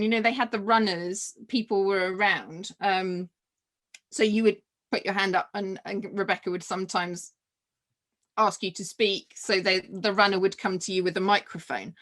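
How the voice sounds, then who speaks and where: Female guest, mid-range voice; lively anecdotal storyteller with frequent laughs and restarts. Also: medium pitch, moderate pace. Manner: animated, laughs often, many restarts and fillers. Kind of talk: personal storytelling in a conversation.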